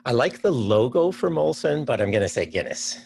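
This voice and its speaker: A man's voice: medium pitch, very animated, a little fast, vocal fry, a little mellow. A man from Canada chatting as a podcast guest, enthusiastic and thinking aloud before he answers. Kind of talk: casual interview chat.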